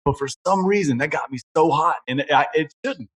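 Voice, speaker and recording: A man's voice: fairly high pitch, brisk. A man who wrestles professionally, telling stories in a casual chat, swearing freely and getting worked up. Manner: profane, heated storytelling. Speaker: pro wrestler guest.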